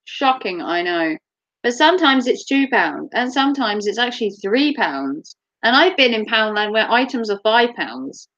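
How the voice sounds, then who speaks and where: A woman's voice: medium pitch, fairly bright tone, lo-fi sound. A woman chatting casually to camera as a vlogger, giggly and teasing.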